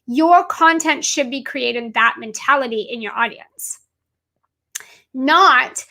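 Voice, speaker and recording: A woman's voice: sits high, slow, bright, forceful tone. A woman business coach giving an emphatic live video talk, repeating her points and calling her audience "guys".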